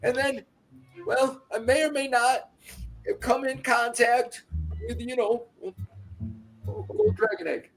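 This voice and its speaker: A man's voice: extremely high pitch, little pitch movement, takes it slowly, long pauses, faint music behind. A man voicing a rambling, anxious middle-aged baker and ex-crook who dotes on his pet dragon, in a rustic drawl for a tabletop game. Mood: sheepish. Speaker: game master. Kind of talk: tabletop role-play character voice.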